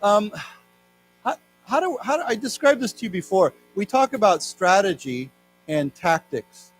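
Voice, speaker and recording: A man with an American accent giving a live English lesson, reading news aloud slowly and explaining words to his class. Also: high-pitched, sing-song, faint music behind. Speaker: English teacher. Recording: faint mains hum.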